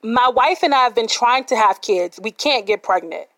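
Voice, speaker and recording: A woman's voice: on the high side, lively intonation, moderate pace, dry recording. A woman quoting a furious threatening man. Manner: shouting, menacing. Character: angry threatening man, in denial.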